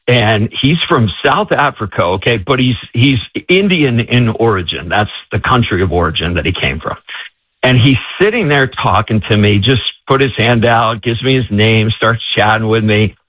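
A man, an author and guest, telling a story with lively delivery and acting out what others said. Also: on the low side, moderate pace, husky, no room sound. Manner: lively, acts out others' dialogue. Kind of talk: animated storytelling in an interview. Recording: tinny, dry phone-line sound.

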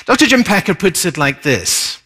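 A man's voice: high-pitched, big pitch swings, normal speed, bright, forceful tone, breathy edge. A male pastor preaching a sermon, with an earnest and emphatic delivery. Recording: long reverb of a church hall.

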